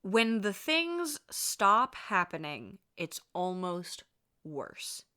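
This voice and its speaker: A woman vlogger telling a ghost story in a chatty, animated, casual way, laughing and swearing freely. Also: medium pitch, drawn-out words.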